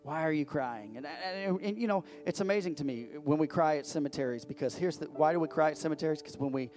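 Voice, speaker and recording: A man's voice: fairly high pitch, fast, darkish tone, soft background music. Preaching man, conversational with emphatic rises. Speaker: pastor. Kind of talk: sermon.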